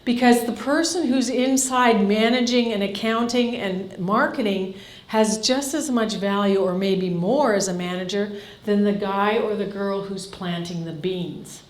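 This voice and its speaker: A woman's voice: medium pitch, steady tone, a little slow. A woman in her fifties from Canada, a farm family coach giving a live seminar, blunt and direct, firing questions at the audience. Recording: echoey hall.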